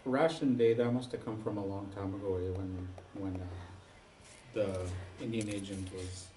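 A man chats casually and tells short anecdotes, with plenty of fillers. He sounds distant from the mic, and the room gives his voice a roomy echo. His voice sits lowish. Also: fairly even intonation, moderate pace, background noise. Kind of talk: casual chat.

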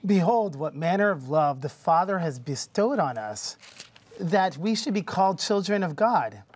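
A man's voice: sits high, animated, a little slow, a little mellow. A man in a Bible study reading a verse aloud plainly.

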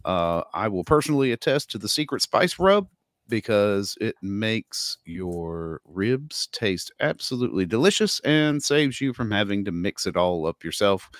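A man co-hosting a casual sports podcast, lively, laughing easily. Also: on the low side, no echo, studio quality. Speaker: co-host.

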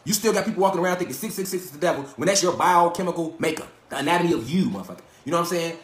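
A man's voice: on the high side, lively intonation, rapid-fire, echoey room. A man giving a profane, preachy livestream lecture in street slang, often repeating himself. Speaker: livestream host.

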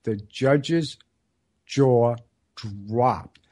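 A man in his sixties hosting a solo radio show, telling stories in a rambling, earnest way and slowing down for emphasis. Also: medium pitch, warm tone. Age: 60s. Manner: rambling, earnest storytelling with dramatic slow emphasis. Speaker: radio host.

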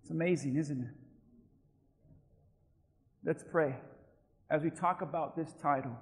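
A man's voice: on the high side, moderate pace, pauses often, in a large hall. A male pastor reading scripture aloud and preaching a sermon, leading his congregation in prayer and call-and-response. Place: church.

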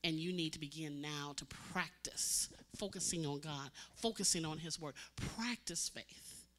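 A woman preacher delivering a sermon as dramatic storytelling, swinging from loud cries to hushed, intense tones. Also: deep voice, steady tone, normal speed.

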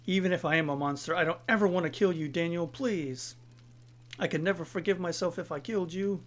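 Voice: medium pitch, brisk, close to an everyday voice. A let's-play player reading the lines of an anguished young female police officer aloud, in a pleading, distraught way. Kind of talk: reading game dialogue aloud.

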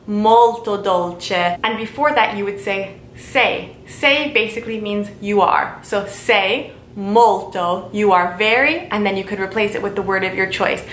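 A woman teaching a casual video lesson, repeating example phrases slowly and carefully. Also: fairly bright tone. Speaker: language teacher. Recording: echoey room with faint rumble.

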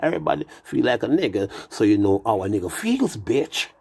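A man's voice: on the low side, animated, fast, creaky, darkish tone, slightly rough. A man who has been drinking, rambling through a profane, meandering monologue full of wordplay. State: tipsy from drinking.

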